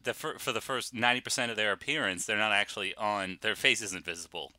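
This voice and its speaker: A man co-hosting a casual podcast who teases his partner with dry sarcasm. His voice sits a little low but sounds very bright and forceful. The sound is dry and close. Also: fast talker, dry recording. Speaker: podcast co-host. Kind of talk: casual chat.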